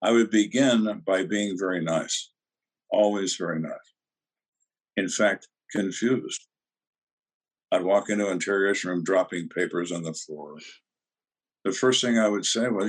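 A gravelly-toned older man with a deep, husky voice tells cop stories in an interview. His delivery is dry and deadpan, and he acts out both sides of the conversations. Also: a little slow, long pauses. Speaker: retired detective guest. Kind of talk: storytelling interview answers.

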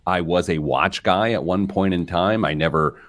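A man with a very low voice hosts a money show and talks in a loose, casual way. He jokes about himself and gets animated now and then. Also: moderate pace, dry recording. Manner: self-deprecating, animated and joking. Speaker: podcast host, financial planner. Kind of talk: casual radio show chat.

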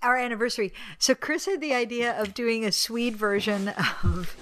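A woman's voice: on the high side, normal speed. A woman co-hosting a podcast, telling stories in a loose, laughing way while a bit tipsy. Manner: animated, laughing storyteller. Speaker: podcast co-host. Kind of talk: casual chat.

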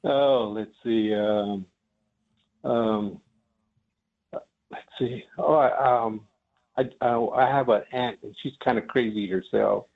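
Gravelly man on a tinny phone line. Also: mid-range voice, slow pace, pauses often. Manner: hesitant, lots of ums. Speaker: comedian guest. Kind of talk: storytelling on a call-in show. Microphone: telephone.

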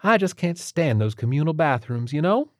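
Male narrator voicing a nosy southern woman, high sing-song drawl, dry audiobook read. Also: sing-song, moderate pace, dry recording. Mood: chatty. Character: chatty older southern woman stranger.

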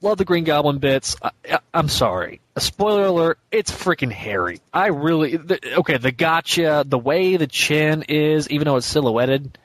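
A man's voice: a little high, lively intonation, moderate pace. A man co-hosting a podcast, talking eagerly about a comic issue with many restarts and easy laughter. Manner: enthusiastic, stumbling restarts, laughs easily. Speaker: podcast co-host. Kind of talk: casual comic book review chat.

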